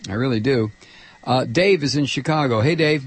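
A man's voice: mid-range voice, moderate pace, husky. A middle-aged man hosting a call-in radio talk show, chatty and loose, laughing along with callers.

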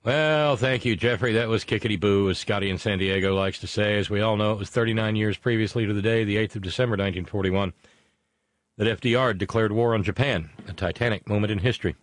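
Rambling low-voiced male show host. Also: fast talker, no room sound, clean studio sound. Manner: rambling, pun-heavy, stumbles and restarts. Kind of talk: live show monologue reading viewer messages.

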